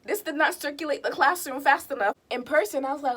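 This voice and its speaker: A woman with a high voice tells a story to the camera in loose, slangy talk. She is animated and lively, and she acts out the other people in her story. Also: quick pace, few pauses. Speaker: storytime vlogger. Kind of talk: casual storytelling.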